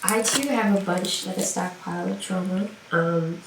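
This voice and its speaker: A woman's voice: fairly low pitch, normal speed. A young woman co-hosting a podcast in casual chat, a supportive listener who often murmurs agreement. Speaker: podcast co-host. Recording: roomy, distant mic with faint background hiss.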